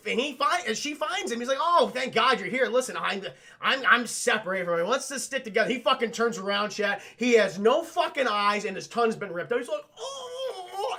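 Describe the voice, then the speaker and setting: A man recaps a film live for his stream chat, animated and full of profanity. His voice sits high with a gravelly edge, and his tone is bright and forceful. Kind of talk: casual film recap livestream.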